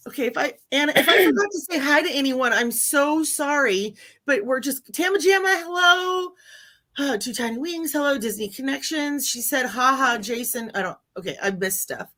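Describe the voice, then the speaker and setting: Bubbly chatty woman host, bright voice. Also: sits high, moderate pace, hardly any pauses. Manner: bubbly, chatty, greets viewers by name. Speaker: YouTube channel host. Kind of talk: casual livestream chat.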